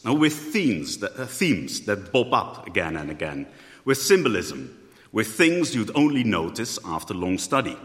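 A man's voice: medium pitch, fairly bright tone. A man preaching a sermon in a thoughtful way, often rephrasing mid-sentence. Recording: echoey hall.

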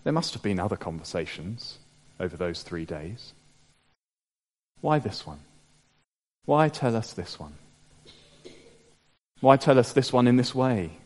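A man preaching a sermon in an unhurried, dramatic way. He sinks to hushed low phrases, then builds to emphatic peaks. His voice rings with the long reverb of a large hall. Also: sing-song.

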